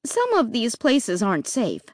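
A woman's voice: on the high side, wildly swooping pitch, unhurried, a little mellow, dry recording, clean studio sound, heavily acted. A woman reading a children's story aloud and voicing a worried, impatient mother. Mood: fretful. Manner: fretful, impatient. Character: fretful, doubtful mother on a family trip. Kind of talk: audiobook reading.

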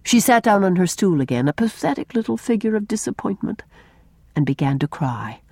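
A woman's voice: medium pitch, brisk, slightly rough, no echo. A woman narrating a classic children's novel as an audiobook, reading expressively with a close microphone. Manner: expressive, shifting tone with the story. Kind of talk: scripted storybook narration.

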